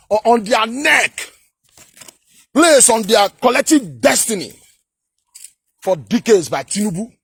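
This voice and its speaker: A man with a Nigerian accent, from Edo State, delivering a heated political rant to camera, shouting at times and repeating himself for emphasis. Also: sits high, breathy edge, dry recording. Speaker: political commentator.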